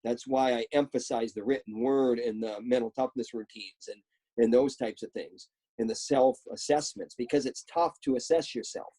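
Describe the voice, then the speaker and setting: A wrestling coach giving earnest advice in short, coaching imperatives. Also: male voice, mid-range voice, steady tone, normal speed, dark tone, husky, rough recording. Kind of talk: motivational advice.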